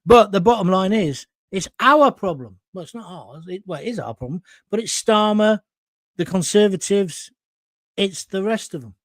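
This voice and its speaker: A high-pitched, expressive man's voice at normal speed, recorded cleanly in a studio with no room sound. Hosting a live current-affairs stream, he reads viewer comments aloud and answers bluntly, emphatically and opinionatedly, swearing mildly and sounding hot and sweaty.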